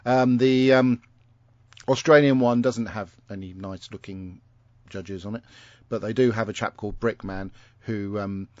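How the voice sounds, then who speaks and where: Brit guy on a podcast, lowish voice, rambly and opinionated, dry muffled mic. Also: normal speed, a little mellow, no room sound. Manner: rambling, hesitant, opinionated with many fillers. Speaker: podcast co-host. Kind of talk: casual chat. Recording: dull, muffled recording.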